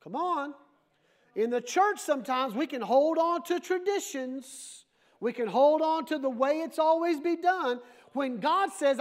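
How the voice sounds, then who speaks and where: A man preaching a sermon as pastor, animated, with playful asides to the congregation. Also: extremely high pitch, a little slow.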